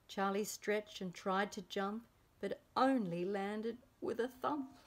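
A woman reads a children's picture book aloud in an unhurried, deliberate way. Her telling is expressive, and she lifts her voice to play the characters. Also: medium pitch. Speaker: preschool storybook reader.

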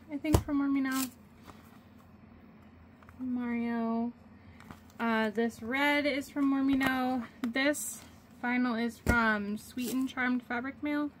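A woman's voice: fairly high pitch, slight background noise. A woman vlogging casually from her home sewing office, rambling through her craft work with lots of fillers. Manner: rambling, filler-heavy, chatty. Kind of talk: casual chat. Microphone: phone camera.

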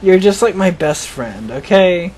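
A man's voice: high voice, lively intonation, unhurried, darkish tone. A young man rambling and joking as he comments on his own gameplay, often laughing at himself. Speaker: gaming channel host.

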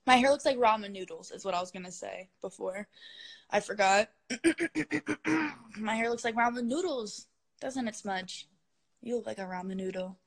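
A woman's voice: mid-range voice, moderate pace, pauses often. A young woman chatting with fans on a live stream from her phone, gushing and giggly, sometimes cooing at her cat. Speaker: social media star hosting a live stream.

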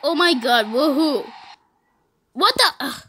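A woman doing casual gameplay commentary, giggly and excitable, saying "beep" to bleep herself out. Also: sits high, takes it slowly, slight background noise. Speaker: gaming YouTuber.

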